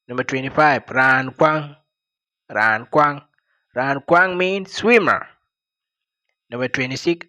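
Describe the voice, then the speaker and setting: Slow South Sudanese man teaching words. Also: on the high side, fairly bright tone, dry recording. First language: Dinka. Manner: repeats each word slowly and explains it plainly. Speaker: language teacher. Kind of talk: vocabulary lesson.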